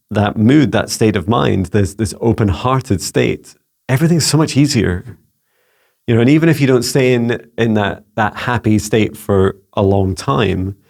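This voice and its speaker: A Scottish man, a spiritual mentor answering viewer questions in a casual video, speaking gently and soothingly with many halting repeats. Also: on the low side, creaky. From Scotland.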